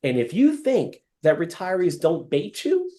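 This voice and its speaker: Man, sales trainer, fairly high voice, lively, acts out scenes, video call. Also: measured pace. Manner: animated, acts out scenes, addresses trainees by name. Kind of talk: live training session.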